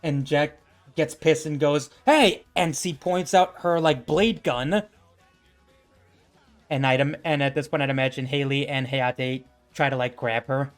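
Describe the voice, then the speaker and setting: A man's voice: mid-range voice, steady tone, moderate pace, faint music behind. A man running a tabletop game as game master, narrating a fight in rambling bursts full of fillers.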